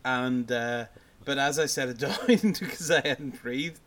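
A man's voice: medium pitch, measured pace, fairly bright tone. Rambling man on a podcast. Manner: rambling, hesitant, many fillers and restarts. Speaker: podcast co-host. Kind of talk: casual chat.

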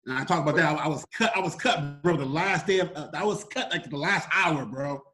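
A man in his thirties, a sales trainer and former football player, telling lively stories in a casual podcast chat and acting out the people in them. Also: on the high side, brisk, faint music behind. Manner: animated storyteller, acts out voices, calls host brother.

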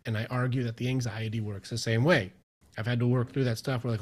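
A man who works as a mindset coach, chatting as a podcast guest and telling stories with lively acted-out inner dialogue. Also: medium pitch, quick pace. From Michigan, US. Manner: animated storyteller, acts out his own inner voice. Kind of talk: casual interview chat.

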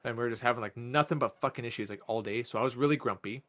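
Podcast guy, medium voice, swears a lot, rambles through stories with tons of like. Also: rapid-fire. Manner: profane, animated storyteller with many "like" fillers; jumps up in pitch when acting out quotes. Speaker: podcast co-host. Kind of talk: casual storytelling chat.

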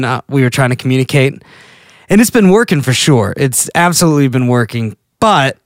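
A man's voice: on the high side, no echo. Rambling man chatting solo, dry sound. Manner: rambling, self-interrupting storyteller. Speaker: podcast host. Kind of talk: casual solo chat.

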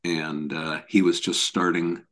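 A man's voice: deep voice, flat delivery, measured pace, fairly bright tone. A man who is a professor of spine biomechanics, speaking as a podcast guest and telling stories earnestly, often repeating words as he restarts. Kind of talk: conversational storytelling.

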